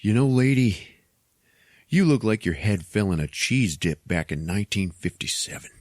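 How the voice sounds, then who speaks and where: A man voicing a gruff drifter hero who delivers blunt, sarcastic insults. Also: lowish voice, animated, normal speed, a little mellow, dry recording, clean studio sound. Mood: mocking.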